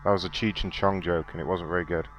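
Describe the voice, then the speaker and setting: A man with a lowish voice hosts a prank call show in crude, rambling banter. He swears freely and jokes sarcastically, and there is faint music behind him. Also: steady tone, fast. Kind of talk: casual crude radio banter.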